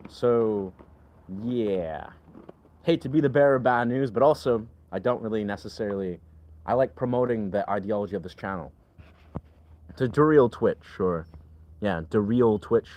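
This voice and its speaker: A man with a somewhat low voice talks loosely on his livestream. He rambles, leans on filler words and answers his chat as he goes. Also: moderate pace, lo-fi sound.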